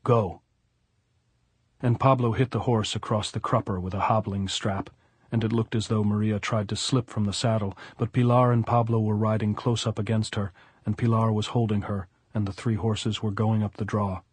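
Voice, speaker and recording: Reading an audiobook, a man keeps his storytelling steady and measured. His voice is fairly low with a breathy edge, and there's no room sound.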